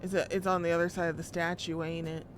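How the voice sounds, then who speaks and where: A woman streaming gameplay, reacting excitably, swearing often and talking to herself and the screen. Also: on the low side, quick pace, slight background noise. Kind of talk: live gameplay commentary.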